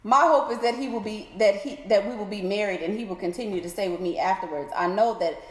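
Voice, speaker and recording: Sassy woman in an echoey room. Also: medium pitch. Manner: sassy, exclaiming, playful drawn-out asides. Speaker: advice vlogger reading letters. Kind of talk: animated advice commentary. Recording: echoey room with long reverb.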